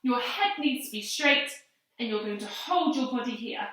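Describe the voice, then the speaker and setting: A woman's voice: a little high, lively intonation, normal speed, a bit bright. A young woman PE teacher leading children through exercises at home, giving encouraging step-by-step instructions and counting aloud while slightly out of breath from doing them herself. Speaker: primary school PE teacher. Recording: very echoey hall, distant from mic.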